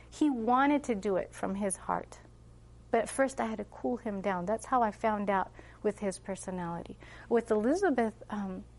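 Speaking with a medium-pitched, darkish voice, a middle-aged woman shares stories of raising her kids in a casual talk. She is a homeschooling mother and animatedly acts out her own lines and her children's.

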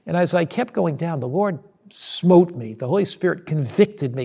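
Male pastor, earnest storytelling, sometimes repeats words, gravelly, fairly high voice. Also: moderate pace, mellow. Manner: earnest, retells a personal story with quoted dialogue; repeats words when restarting. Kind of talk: sermon-style lesson preview with storytelling.

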